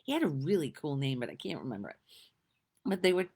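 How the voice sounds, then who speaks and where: A woman's voice: low voice, big pitch swings, quick pace, gravelly, darkish tone, slightly rough. A middle-aged woman vlogger telling a rambling, laugh-filled story in a casual, chatty way. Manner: rambling, laughing, lots of restarts.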